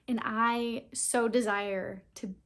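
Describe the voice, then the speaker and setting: A young woman starting a vlog channel speaks to camera with earnest openness, laughing often and tearing up at times. Her voice is fairly high and a bit bright, with fairly even intonation and a slow delivery.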